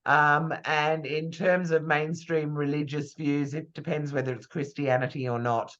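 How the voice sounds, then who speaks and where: A man's voice: on the high side, steady tone, unhurried, fairly bright tone. A man coaching people on publicity in a live online class, chatty and thinking aloud with fillers and restarts. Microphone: video call. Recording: lo-fi video call audio.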